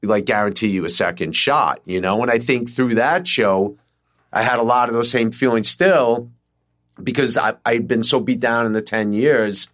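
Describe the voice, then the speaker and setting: A man's voice: mid-range voice, normal speed. A middle-aged man chatting casually on a podcast, telling stories with lots of swearing and acting out quotes. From New York. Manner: animated storyteller, heavy swearing, acts out quotes. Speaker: guest screenwriter.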